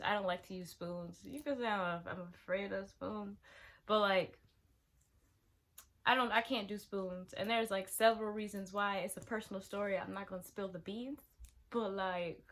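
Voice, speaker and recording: Reading out confessions sent in by her viewers, this young female vlogger keeps things casual and lively, exclaiming a lot and mixing abrupt loud bursts with hushed side comments. Her voice is in the middle range.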